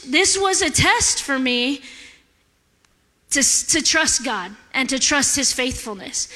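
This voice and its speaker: A woman giving a sermon in a church, candid and animated, laughing often as she talks. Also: high-pitched. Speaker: guest preacher. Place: church sanctuary. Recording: echoey hall.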